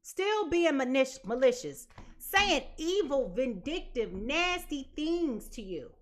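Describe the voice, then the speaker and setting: A woman's voice: high voice, lively intonation, slow. A woman giving a live tarot reading in a blunt, emphatic way, repeating her points. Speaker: tarot reader.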